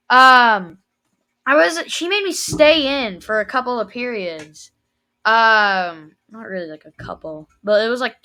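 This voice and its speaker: A teenage girl with a bright, somewhat high voice rambles through a personal story for her vlog. Her talk is casual, emotional and full of fillers. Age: teens. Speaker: vlogger.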